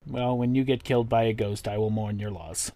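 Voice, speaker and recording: A man hosting a podcast in casual chat, talking loosely and profanely, slipping into quick impressions. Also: on the low side, steady tone, dark tone, dry recording. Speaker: podcast host.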